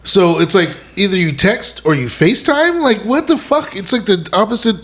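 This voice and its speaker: Male comedian guest, high and animated, laughs a lot, faint hiss. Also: moderate pace. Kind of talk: casual podcast chat.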